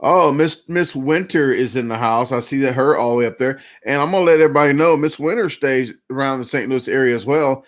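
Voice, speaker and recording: A man's voice: mid-range voice, brisk, few pauses. Chatty man, full after eating. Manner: rambling, chatty, reads out viewer names; full and sluggish after a big eating challenge. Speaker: competitive eater streaming a live chat. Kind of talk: casual live-stream chat.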